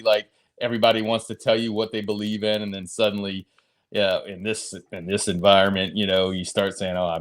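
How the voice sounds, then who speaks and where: Male panelist, mid-pitched, measured and easygoing, quick to laugh. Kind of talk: casual chat.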